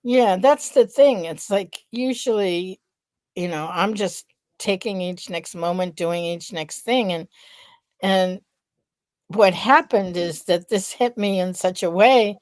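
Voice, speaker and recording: A middle-aged woman co-hosting a podcast, thinking aloud in a reflective, unhurried way. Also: medium pitch, no echo. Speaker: podcast co-host, researcher. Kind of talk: casual podcast chat.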